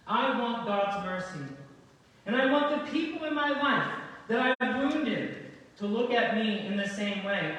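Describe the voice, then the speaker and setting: Guy pastor preaching, kinda high voice, chatty w the congregation, big echoey church, mic far off. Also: animated, measured pace, fairly bright tone. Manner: conversational, with rhetorical questions to the congregation. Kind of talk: sermon. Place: large church sanctuary.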